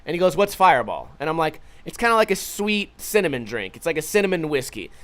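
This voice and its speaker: A young man hosting a vlog and telling a story, swearing freely and animated, acting out the lines of the others. His speaking voice sits a bit high for a man. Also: quick pace. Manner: profane, animated retelling with quoted voices. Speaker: vlog host. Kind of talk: casual storytelling.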